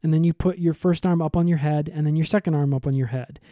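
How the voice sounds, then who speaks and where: A man co-hosting a comedy podcast, recapping in a rambling, deadpan way with lots of fillers. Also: a little high, fast, no room sound, studio quality.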